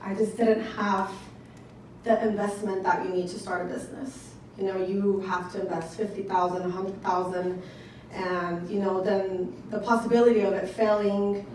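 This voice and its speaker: A young woman giving an excited, conversational testimonial speech to an audience at a business event and talking to them directly. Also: mid-range voice, moderate pace, a little hiss or hum. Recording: echoey room picked up from a distance.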